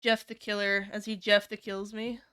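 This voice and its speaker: Young woman streamer from the US, clear bright voice, animated and swears a lot, shoots up in pitch for quotes. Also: moderate pace. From United States. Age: young adult. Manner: animated, swears freely, high-pitched when quoting others. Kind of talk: casual chat while working on stream.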